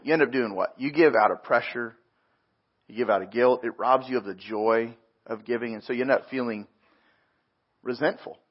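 A man's voice: mid-range voice, slightly rough, lo-fi sound. A man preaching a sermon as a pastor, earnest and conversational, often repeating his words as he explains.

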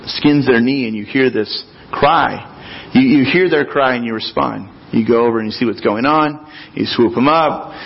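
A male pastor with a husky, slightly rough voice delivers a relaxed, conversational sermon. He slips into the voices of the people he quotes and adds folksy asides. The recording sounds dull and lo-fi, as if captured in a church sanctuary. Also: mid-range voice.

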